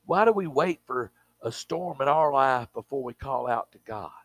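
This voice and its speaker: A man's voice: medium pitch, expressive, normal speed, a bit bright, no room sound, rough recording. A man preaching a sermon with emphatic delivery, repeating words and dropping in frequent amens.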